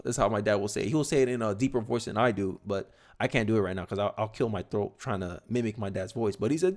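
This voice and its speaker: On his own livestream, a young man delivers casual, lively political commentary, tossing in quick asides and repeating words as he gets worked up. His voice is fairly high-pitched.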